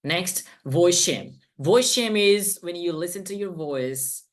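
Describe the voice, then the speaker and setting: Male English coach teaching an online masterclass. Emphatic, with deliberate pauses on key words. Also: high-pitched, lively intonation.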